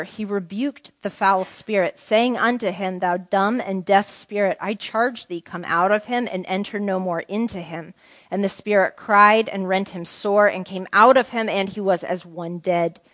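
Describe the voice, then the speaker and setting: A woman's voice: mid-range voice, fairly bright tone, dry recording. Woman teaching scripture, dry close sound. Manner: conversational, asks the group questions, reads scripture aloud. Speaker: Bible teacher. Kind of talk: informal Bible teaching to a group.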